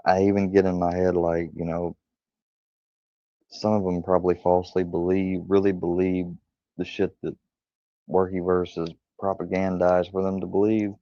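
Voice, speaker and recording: A deep, gravelly male voice rambles through personal stories on a casual livestream, cursing freely and quoting whole conversations. The audio is dull and lo-fi, with a dry, close sound. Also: little pitch movement, normal speed, dark tone, no echo. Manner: rambling, profane, retells dialogue with quoted voices. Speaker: streamer.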